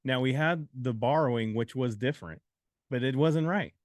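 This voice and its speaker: A man's voice: mid-range voice, normal speed, no room sound, clean studio sound. A man co-hosting a live exam study lesson, joking around and encouraging viewers while summing up the point. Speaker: exam prep co-host.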